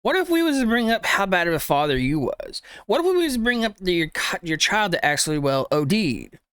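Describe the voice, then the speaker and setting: A man's voice: sits high, big pitch swings, a little fast, fairly bright tone, clear, resonant tone, no room sound, studio quality. A man hosting a reaction video who scolds the clip's speaker with rhetorical questions and informal grammar. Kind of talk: reaction commentary.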